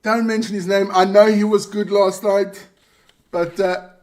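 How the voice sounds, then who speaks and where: A man's voice: sits high, level tone, a little slow, a little mellow. A man hosting a live sports show, running through results in a casual, joking way with asides to his viewers. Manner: chatty, joking, reads scores with asides to viewers.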